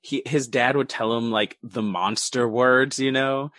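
A man co-hosting a podcast, chatting about a film, animated and swearing freely as he mocks the characters. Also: mid-range voice, unhurried, dry recording. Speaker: podcast co-host. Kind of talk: casual chat recapping a film.

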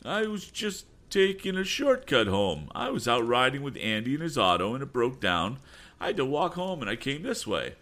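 A man's voice: mid-range voice, sing-song, normal speed, a bit bright, pitched above the performer's own voice. A man voicing a sneaky teenage boy bully who whines and pleads. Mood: whining. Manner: whiny, pleading, shaky.

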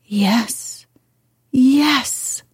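A woman voicing a frail, excitable sickly boy who talks eagerly and breathlessly in a storybook reading. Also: sits high, drawn-out words, breathy edge, dry recording, studio quality, pitched above the performer's own voice, full character voice. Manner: eager, breathless, half-sobbing.

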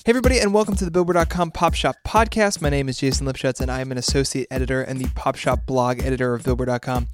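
A man's voice: mid-range voice, very fast, hardly any pauses. Man, podcast host, casual chat, easy laugh, faint music behind. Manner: chatty, laughs often, fillers and restarts. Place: based in New York.

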